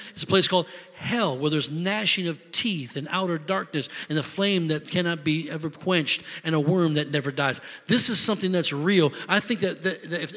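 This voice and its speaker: A man preaching a sermon, telling stories with lively voices and shouted lines for emphasis. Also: fairly high pitch, long reverb tail. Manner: animated storytelling, shouting for emphasis. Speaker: pastor.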